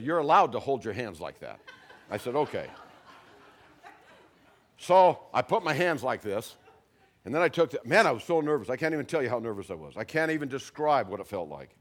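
Older guy telling his faith story to a crowd, voice jumps all over, goes quiet then loud. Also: mid-range voice. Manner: animated storyteller, swings from hushed to loud. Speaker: speaker giving testimony. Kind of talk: personal testimony to an audience.

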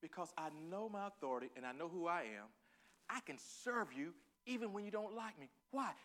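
Preaching with a Southern Texan accent, this man from Northeast Texas moves between soft reflection and loud, stretched-out exclamations. He pitches high with lively intonation, frequently laughing and crying out.

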